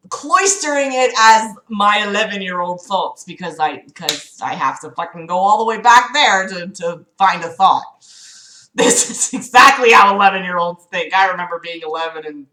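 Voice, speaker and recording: A woman's voice: medium pitch, bright, forceful tone. A young woman livestreaming, reading a novel aloud and breaking off into sarcastic, swearing commentary. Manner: sarcastic, swearing, exasperated asides. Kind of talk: casual read-aloud with commentary. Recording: roomy echo.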